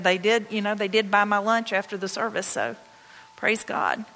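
A woman pastor telling personal stories in a conversational, excited sermon to her congregation. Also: mid-range voice, normal speed, creaky. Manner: conversational, anecdotal, excited retelling. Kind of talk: storytelling sermon. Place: church sanctuary. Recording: long church-hall reverb.

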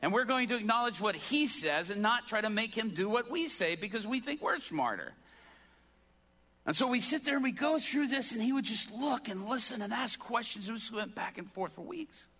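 A man preaching, retelling a story in a quiet, hushed voice and building to loud, emphatic preaching. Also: high voice, expressive, normal speed. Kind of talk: sermon storytelling.

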